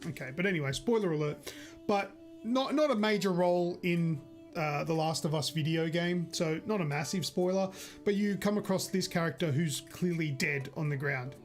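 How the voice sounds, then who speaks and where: A man's voice: a little high, moderate pace, faint music behind. A man co-hosting a gaming podcast in casual chat, rambling and correcting himself as he goes. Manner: chatty, rambling, self-correcting. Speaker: podcast co-host.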